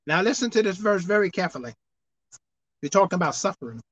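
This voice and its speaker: A woman pastor preaching a sermon, dropping to low asides and rising to loud shouted exhortation, reading scripture slowly and deliberately. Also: animated. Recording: slightly dull, dry recording.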